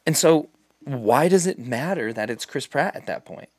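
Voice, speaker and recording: A man's voice: medium pitch, expressive, moderate pace, breathy edge, no echo. Sarcastic ranting man, dry sound. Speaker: podcast co-host. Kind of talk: casual chat.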